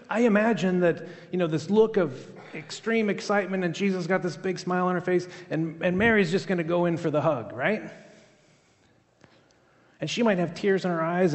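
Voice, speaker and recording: Earnest preacher man in a hall. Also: sits high. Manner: earnest, conversational, repeats words while thinking. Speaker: pastor. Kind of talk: sermon.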